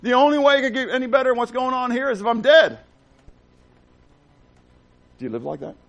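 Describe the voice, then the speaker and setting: A man preaching a sermon in a casual style, asking the congregation rhetorical questions and swinging from hushed to loud and excited. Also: very high-pitched, a little fast, vocal fry. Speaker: pastor.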